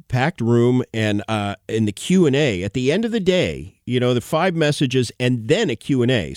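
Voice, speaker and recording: A man's voice: medium pitch, a little mellow, dry recording. Stuffy-voiced man talking on radio. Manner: halting, with many fillers and restarts. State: stuffy and hoarse from bronchitis. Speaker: radio show regular guest. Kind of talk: casual radio chat.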